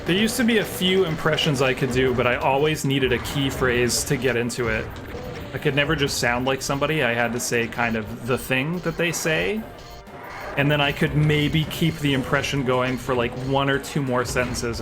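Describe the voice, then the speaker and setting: A man's voice: medium pitch, normal speed. A man streaming a game live, chatting casually and self-deprecatingly while reacting aloud to the action and answering chat. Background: game music.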